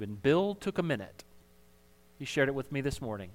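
A man's voice: medium pitch, expressive, brisk. A male pastor speaking conversationally to his congregation, sharing a story about a church member. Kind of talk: informal sermon.

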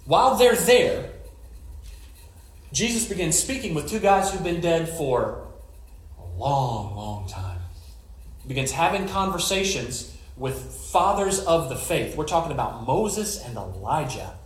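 Lively joking preacher man. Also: on the high side, measured pace, roomy sound. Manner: joking, storytelling asides. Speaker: pastor. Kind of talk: conversational sermon.

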